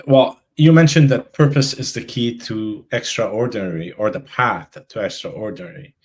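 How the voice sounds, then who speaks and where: A man hosting a podcast, asking his guest a question carefully and with some hesitation. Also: on the high side. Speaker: podcast host. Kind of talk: interview question.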